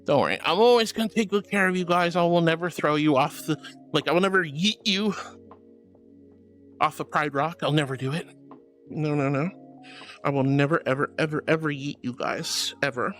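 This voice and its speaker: A woman's voice: low-pitched, moderate pace, soft background music. A woman streaming live and chatting with her viewers, playful and theatrical, calling them darling and honey. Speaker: virtual streamer.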